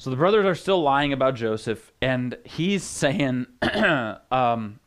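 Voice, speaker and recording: A male pastor gives a loose, conversational sermon. He jokes in asides and often restarts his sentences, at a middle pitch. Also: animated, slow pace. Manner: chatty, joking asides, many restarts. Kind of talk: casual sermon teaching.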